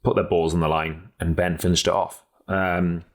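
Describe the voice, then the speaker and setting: Sex: man. Role: podcast co-host and cycling pundit. Style: casual podcast chat. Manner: blunt, energetic, swears freely, restarts a lot. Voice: very low pitched. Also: moderate pace.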